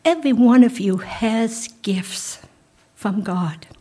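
Woman pastor, middle-aged, sermon, husky voice, slow and soft, near-whispers. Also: fairly high pitch.

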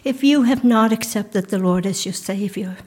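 A middle-aged woman pastor giving a sermon in a church, speaking slowly and softly, sometimes dropping almost to a whisper. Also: medium pitch, slightly rough. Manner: slow, soft, drops into near-whispers on key lines.

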